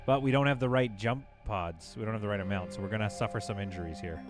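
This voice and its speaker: A fast-talking man with a fairly low voice hosts a live game stream over background music. He chats casually, reads viewer messages aloud, and laughs a lot.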